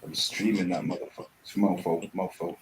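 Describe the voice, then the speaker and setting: A man's voice: low voice, level tone, fairly quick, a little hiss or hum. A man, laid back and casually swearing in a panel chat. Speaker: panel regular.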